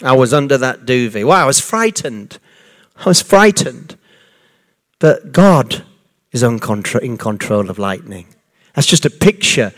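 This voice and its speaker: A man preaching a sermon in an animated, conversational way, full of restarts and asides. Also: medium pitch, measured pace, pauses often.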